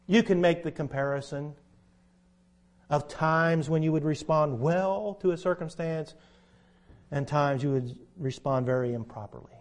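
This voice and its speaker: A middle-aged man preaching a sermon, telling folksy personal stories and rising into loud, emphatic preaching. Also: on the high side, measured pace.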